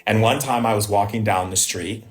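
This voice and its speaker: A spiritual teacher gives a live talk in a fairly low voice at a moderate pace, with faint music in the background. He shares personal stories, poses rhetorical questions, and frequently says "right?"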